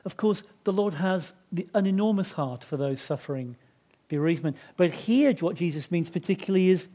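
A man's voice: high voice, lively intonation, fairly quick, mellow. A man preaching a sermon in a chatty, self-deprecating way, with many restarts.

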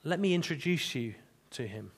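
Male preacher, emphatic sermon delivery, slightly higher voice. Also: expressive, breathy edge. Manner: earnest, emphatic, reads scripture slowly.

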